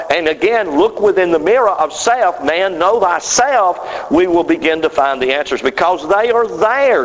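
A man preaching a rambling sermon to his fellowship, often asking the congregation whether they follow him. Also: on the high side. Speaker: pastor. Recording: muffled sound with long hall reverb.

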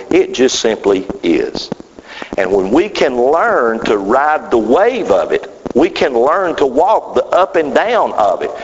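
Preacher in a reverberant church hall. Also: male voice, mid-range voice, lo-fi sound, slight background noise. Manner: rhythmic, call-and-response with congregation. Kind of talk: sermon with Bible reading.

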